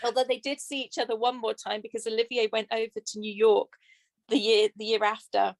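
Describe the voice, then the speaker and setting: A woman's voice: a little high, little pitch movement, fairly quick, no echo. A woman author with an English accent, chatting casually on a podcast and laughing often. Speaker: author guest.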